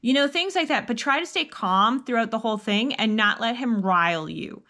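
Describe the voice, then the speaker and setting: A woman's voice: on the high side, animated, moderate pace, pushed and bright. A middle-aged woman giving casual parenting advice, earnest and rambling, with many restarts, sometimes acting out upbeat lines a parent could say. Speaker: homeschooling parent advice vlogger. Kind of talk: casual advice talk to camera.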